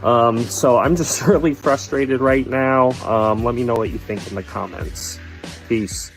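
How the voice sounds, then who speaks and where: A man's voice: medium pitch, unhurried, natural voice, poor audio. A man playing a self-righteous, whiny vlogger in a satirical sketch, sounding mock-aggrieved and indignant, with faint music underneath.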